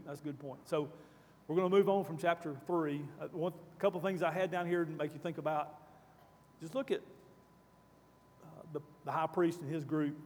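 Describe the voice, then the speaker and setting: A man's voice: a little high, darkish tone, big-room sound. A man leading a Bible study class, asking the group questions and reading scripture aloud.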